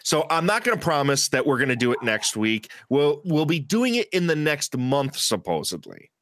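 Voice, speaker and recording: A swearing, joking man co-hosting a podcast. His voice sits somewhat high and swings widely in pitch. It is recorded dry and close, with no room sound. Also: big pitch swings, moderate pace, a bit bright, no echo. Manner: profane, joking, laughs often. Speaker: podcast co-host. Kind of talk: crude casual chat.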